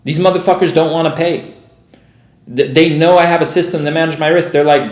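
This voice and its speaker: A young man with a fairly high voice rants through live trading commentary, swearing constantly and tacking "bro" onto every line. He sounds exasperated and profane, and his voice rings around an echoey room. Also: steady tone, fairly quick, darkish tone. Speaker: day trader streaming live.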